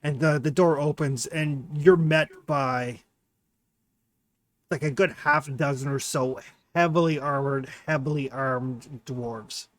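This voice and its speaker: A man's voice: medium pitch, steady tone, slow. A man narrating as game master in a casual, rambling way with many fillers.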